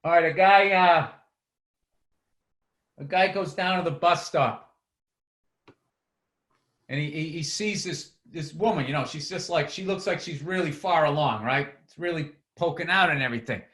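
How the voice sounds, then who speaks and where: A man with a high, sharply bright voice trades stories in loose podcast banter. He tells jokes quickly and excitedly, in an easy conversational tone. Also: roomy sound. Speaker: podcast co-host. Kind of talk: casual chat.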